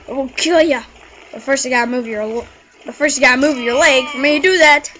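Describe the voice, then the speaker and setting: A woman giving let's play commentary, excitable and jokey, squealing and shrieking at the game and chattering to herself. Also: high voice, fairly quick, slight background noise, low-quality recording. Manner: jokey running self-talk. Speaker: gaming video creator.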